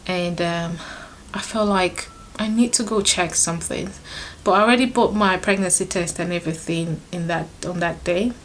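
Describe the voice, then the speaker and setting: A woman's voice: on the low side, moderate pace, a little hiss or hum. Emotional young woman telling a storytime. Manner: emotional, laughs often, restarts sentences. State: pregnant, third trimester. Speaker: vlogger. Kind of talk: casual storytime to camera.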